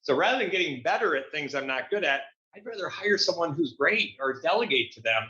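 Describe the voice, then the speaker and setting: An upbeat man talking as a guest coach in a casual interview, with a bright, forceful voice pitched a touch high. He speaks in a motivational way and often restarts phrases. The sound is dull and lo-fi, with a roomy echo around him. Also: sing-song, brisk.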